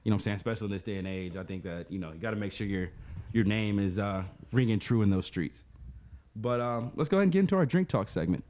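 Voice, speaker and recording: A man's voice: on the low side, animated, fast, a little mellow, a little hiss or hum. A man hosting a podcast, telling a story in casual chat. He keeps checking in with "you know what I'm saying.". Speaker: podcast host.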